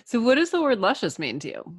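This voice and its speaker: A woman podcast host asking short questions in a relaxed interview. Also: a little high, quick pace, slightly rough. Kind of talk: casual interview.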